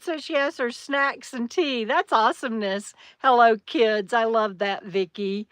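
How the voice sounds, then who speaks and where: A woman's voice: high-pitched, a bit bright, no room sound. A woman hosting a casual livestream from a campground, chatting and reading viewer comments aloud. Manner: chatty, reads viewer comments aloud, talks to her dog. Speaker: livestream host. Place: camper at a campground. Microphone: phone on a tripod.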